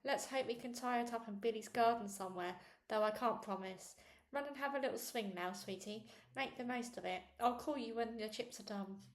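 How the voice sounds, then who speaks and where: A woman's voice: on the high side, brisk, lightly acted. A woman reading aloud, voicing a kind, worried working-class father who speaks tenderly and calls his daughter darling and pet. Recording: echoey room.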